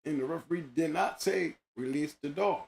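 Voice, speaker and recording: A man's voice: fairly high pitch, normal speed, vocal fry. A man hosting a show, talking casually in an emphatic, slangy way, often repeating himself. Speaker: host. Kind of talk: casual monologue.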